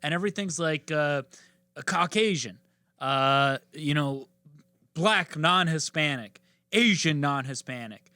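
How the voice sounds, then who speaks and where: Comedy podcast co-host, man, lively swooping delivery, bright edge, dry close mic. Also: on the high side, measured pace, clean tone, no echo. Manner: animated, laughs often, puts on mock voices. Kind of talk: casual comedic chat.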